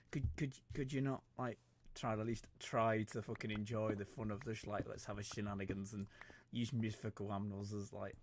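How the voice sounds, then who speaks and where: A man's voice: lowish voice, little pitch movement, a little slow, long pauses, slight background noise. A young man, rambling and joking, stammering often and swearing casually as he chats on a gaming livestream. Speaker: streamer.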